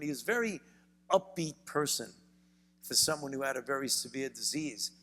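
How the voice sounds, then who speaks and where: Onstage at a university event hall, an older man from Brooklyn, New York, is interviewed as a physician and author. He tells stories at a measured pace, repeating words frequently, his voice on the high side and fairly bright in the large room.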